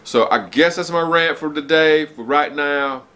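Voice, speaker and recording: A man's voice: fairly high pitch, a little slow, bright, forceful tone. Man in his 40s going off on a blunt rant, tense pushy voice, swears a lot then says sorry, home vlog. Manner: heated, profane, preachy, breaks off to apologize. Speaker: vlogger. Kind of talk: blunt unscripted rant to camera. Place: home, downstairs room.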